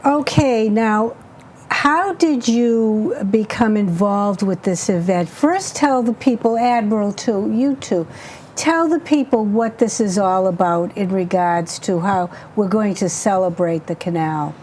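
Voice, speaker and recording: A woman's voice: medium pitch, unhurried, a little mellow, a little hiss or hum. A woman hosting a local cable talk show, chatty and gushing as she plugs sponsors and introduces guests.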